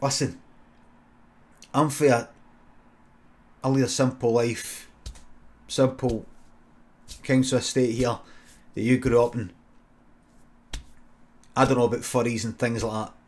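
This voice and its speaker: A man's voice: mid-range voice, little pitch movement, measured pace, long pauses, darkish tone, natural voice. A man with a Scottish accent voicing a humble, earnest working-class father in a comic improvised story. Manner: plain-spoken, earnest.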